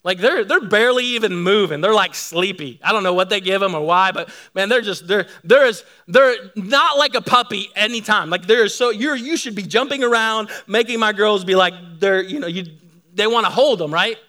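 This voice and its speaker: A middle-aged man preaching a sermon, telling lively stories to his congregation. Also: sits high, normal speed. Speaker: pastor.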